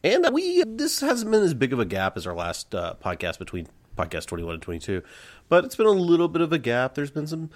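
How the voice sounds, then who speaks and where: A man co-hosting a podcast, chatting casually in a rambling, excitable way and laughing often. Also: a little high, brisk. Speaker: podcast co-host. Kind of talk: casual chat.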